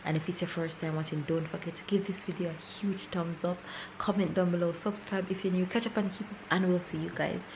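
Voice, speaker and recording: A woman's voice: fairly low pitch, steady tone, a little fast, background noise. A woman vlogging casually to camera, chatty, repeating words for emphasis, sounding tired. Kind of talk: casual vlog talk to camera. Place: at lunch in a restaurant.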